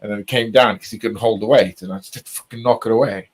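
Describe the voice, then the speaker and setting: A man's voice: lowish voice, fairly even intonation, fast talker, slightly rough, poor audio. A man chatting casually, rambling and repeating himself, swearing often. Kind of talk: casual chat.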